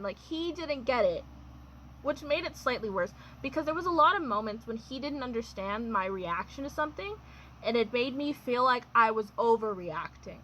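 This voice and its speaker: A woman's voice: a little high, animated, moderate pace, pushed and bright, slight background noise, poor audio. A young adult woman telling a personal storytime in a chatty, wry way, full of fillers and laughs. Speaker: vlogger. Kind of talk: casual storytime.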